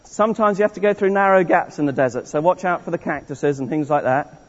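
A man's voice: fairly high pitch, animated, quick pace. A man leading an interactive all-age church service, playful and encouraging as he walks the congregation through a story. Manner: playful, encouraging, restarts often. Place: large church hall. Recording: dull echoey church recording from afar.

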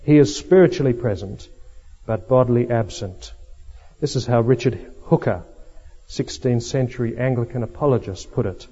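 A man preaching a sermon, teaching in a measured way with dry asides. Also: mid-range voice, dark tone, slightly rough. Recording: lo-fi hall recording.

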